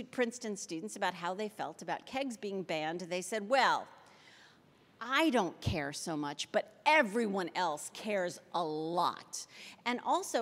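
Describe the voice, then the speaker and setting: A woman at mid pitch delivers a keynote lecture from an auditorium stage, her words trailing off into a long hall reverb. She leans hard on key phrases and slows down to drive them home. Now and then she slips in a dry, sarcastic aside. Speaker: keynote speaker. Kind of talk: public health lecture.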